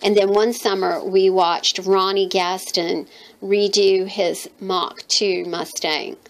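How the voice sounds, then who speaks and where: A woman's voice: medium pitch, level tone, takes it slowly, poor audio. A woman in her fifties from North Carolina with a Southern accent, chatting and rambling as she shows off a handmade art journal, thinking aloud with lots of fillers. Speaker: mixed media artist showing her handmade journal. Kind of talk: casual show-and-tell chat.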